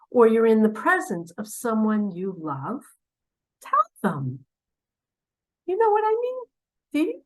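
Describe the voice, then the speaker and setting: Woman spiritual teacher addressing camera; theatrical, unhurried, hushed asides and pointed questions. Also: medium pitch, rough recording. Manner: dramatic, swinging from loud urging to hushed asides; preachy, asks the listener pointed questions. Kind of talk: direct-to-camera spiritual talk.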